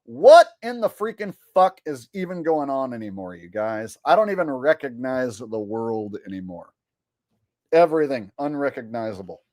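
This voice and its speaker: Male commentary vlogger, profane exasperated rant, very lively pitch, dry close sound. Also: normal speed, dry recording. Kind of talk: ranting commentary.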